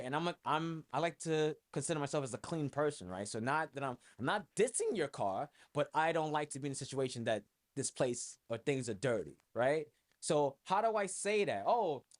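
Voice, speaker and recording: A man from New York with a New York accent, hosting his own podcast in a loose, rambling, profane way with lots of fillers. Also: fairly high pitch. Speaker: podcast host and music producer. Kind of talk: casual solo podcast talk.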